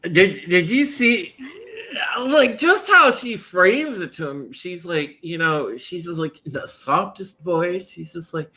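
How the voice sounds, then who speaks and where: A man with a bright, forceful voice pitched a little high chats casually on a podcast panel. He talks with animation and laughs often as he retells scenes. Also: lively intonation, takes it slowly, rough recording. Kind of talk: casual chat.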